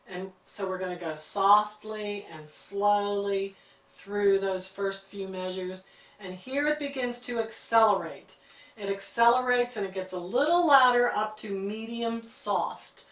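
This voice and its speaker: A woman's voice: mid-range voice, bright, forceful tone, recorded from a distance. A woman teaching a harp lesson, explaining music terms patiently and often checking in with "okay". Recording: roomy, from off-mic.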